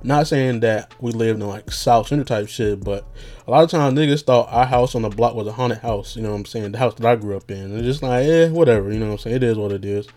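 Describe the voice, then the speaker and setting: A man's voice: mid-range voice, quick pace, a little mellow, faint music behind. A young man rambling casually as a podcast host, loose and slangy with lots of fillers and jokes.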